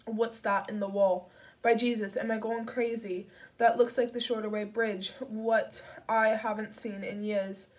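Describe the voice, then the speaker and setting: A woman's voice: a little high, moderate pace, hardly any pauses, a little mellow, recorded from a distance, close to an everyday voice. Brief: woman voicing a shaken old man, praying, heard from a little off-mic. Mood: frightened. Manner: trembling, praying under his breath. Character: frightened seventy-one-year-old male janitor.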